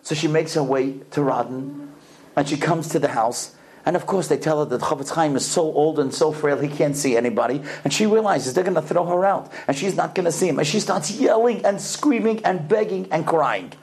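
A man telling stories in a talk, animated and often repeating his words as he starts a sentence. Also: a little high, brisk. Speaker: speaker telling religious stories. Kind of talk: anecdotal storytelling talk.

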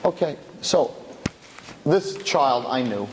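Animated rabbi telling a story in an echoey hall. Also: male voice, mid-range voice, slow pace, slight background noise. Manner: animated, acts out the dialogue of the story. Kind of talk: storytelling talk.

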